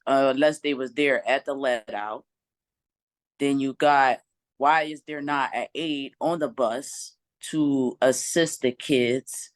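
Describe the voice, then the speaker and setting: A woman on a podcast panel, talking heatedly and firing off rhetorical questions in casual chat. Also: sits low.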